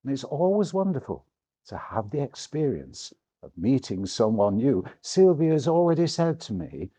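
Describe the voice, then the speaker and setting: A man's voice: mid-range voice, sing-song, normal speed, dark tone, breathy edge. A man hosting a casual travel vlog chat, talking expressively and laughing often. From England. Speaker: vlog host. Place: cafe in Marrakech.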